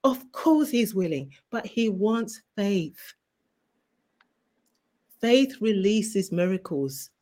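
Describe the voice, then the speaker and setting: A woman's voice: medium pitch, very animated, slow, long pauses, warm tone. A woman who is a guest author, sharing a fervent faith testimony in an interview. She speaks like a preacher and repeats key phrases for emphasis.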